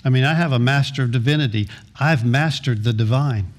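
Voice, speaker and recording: A man's voice: medium pitch, brisk, slight background noise. A middle-aged man preaching a sermon as pastor, earnest, often repeating and restarting words.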